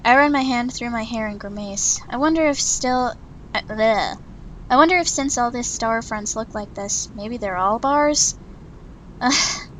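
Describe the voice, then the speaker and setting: A woman's voice: fairly high pitch, measured pace, fairly bright tone, slight background noise, rough recording. A woman voicing a prim, stubborn young female trainee, narrating her thoughts earnestly in first person from a visual novel. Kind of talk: reading a visual novel aloud.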